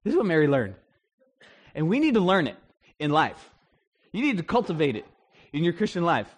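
A man preaching a sermon in an animated way, acting out the voices he quotes. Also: a little high, fairly quick. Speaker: pastor.

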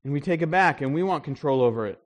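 A man preaching a sermon in an animated way, acting out the voices he quotes. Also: on the high side, fast. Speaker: pastor.

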